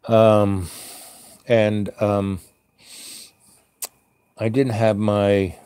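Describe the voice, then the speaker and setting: A man with a lowish voice tells a long, meandering story full of ums and restarts. He pops into high squeaky voices when he quotes people, and the sound is dry and close. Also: little pitch movement, drawn-out words, dark tone, clear, resonant tone, no room sound. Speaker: vlogger playing a Santa character. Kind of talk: rambling casual storytelling.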